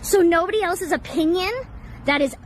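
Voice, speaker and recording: A streamer putting on a sneering, high-pitched voice for a commenter. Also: moderate pace, a little hiss or hum, low-quality recording. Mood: mocking.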